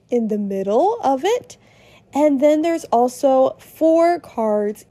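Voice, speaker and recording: Slow-talking woman narrating a game. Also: high voice, no echo. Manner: slow, expressive, reacting aloud. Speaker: podcast host. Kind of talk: narrating a video game playthrough.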